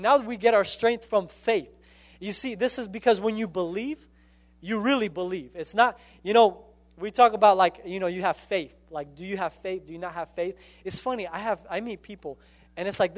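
A man with a notably high voice delivers a relaxed, conversational sermon. He stumbles through restarts and fillers and slips into quick acted-out dialogue when he tells a story. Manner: conversational, many fillers and restarts, acts out anecdotes. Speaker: preacher. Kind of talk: casual sermon.

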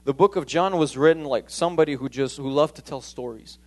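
A man's voice: a little high, brisk, darkish tone. A man preaching a conversational sermon, emphatic and repeating key points.

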